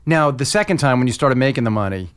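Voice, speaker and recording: Man, podcast host, very lively pitch, supportive, short affirming interjections. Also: fast talker, clear, resonant tone. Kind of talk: conversational interviewing.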